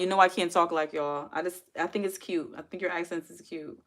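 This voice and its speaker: Casual woman streamer, lowish voice, loose and rambling, reading out comments. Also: steady tone, fast talker, few pauses. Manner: chatty, rambling, reads comments aloud. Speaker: livestream host. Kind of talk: casual live-stream chat.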